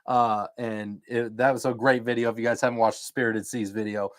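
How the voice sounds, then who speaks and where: A man's voice: medium pitch, little pitch movement, brisk, no room sound. Upbeat rambling man from Iowa, dry sound. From Iowa, United States. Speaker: podcast co-host. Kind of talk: casual livestream chat.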